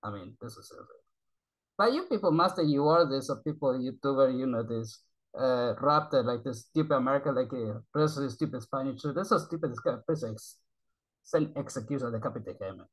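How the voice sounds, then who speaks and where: A man from Japan who speaks English with a Japanese accent as a second language. He rambles through casual reaction commentary, halting, repeating words and swearing often. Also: mid-range voice, lively intonation, poor audio. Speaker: YouTube reactor.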